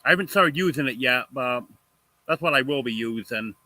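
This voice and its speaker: A man's voice: medium pitch, expressive, fairly quick, sharp tone, dry recording. A man chatting as a guest on a livestream, answering in short, matter-of-fact replies. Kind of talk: casual chat.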